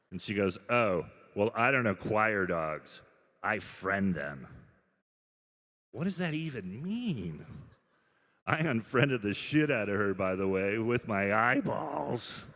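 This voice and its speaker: A man's voice: low-pitched, a bit bright. Man doing stand-up in a reverberant hall. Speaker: stand-up comedian. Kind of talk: stand-up comedy routine. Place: comedy club stage. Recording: live stage set with hall reverb.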